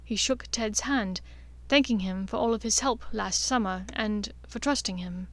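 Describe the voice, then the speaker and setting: A woman's voice: mid-range voice, normal speed, a bit bright, no room sound. Woman narrating fan fiction steadily.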